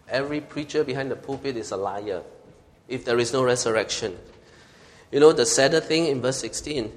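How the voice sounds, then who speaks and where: A man preaching a sermon who reads scripture aloud and drives his points home by repeating them with emphasis. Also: fairly high pitch. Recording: reverberant hall.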